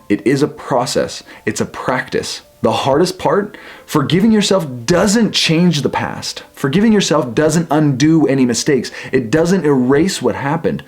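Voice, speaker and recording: A man, a life coach, giving a self-help talk and gently guiding the listener through an exercise. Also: mid-range voice. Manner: gentle, earnest, speaks directly to the listener.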